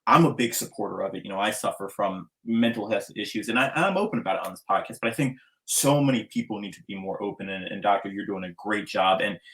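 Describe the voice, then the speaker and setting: A man's voice: fairly low pitch, lively intonation, quick pace, few pauses, fairly bright tone. A man hosting a podcast interview, talking in an effusive, enthusiastic way, with hype-style introductions. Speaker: podcast host.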